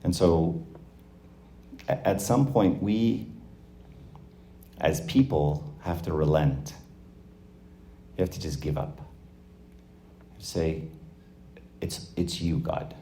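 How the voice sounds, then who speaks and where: A man's voice: low-pitched, animated, takes it slowly, long pauses, warm tone, a little hiss or hum. A man in his forties giving an informal faith talk to young people, speaking conversationally, acting out quoted voices, with frequent fillers and restarts.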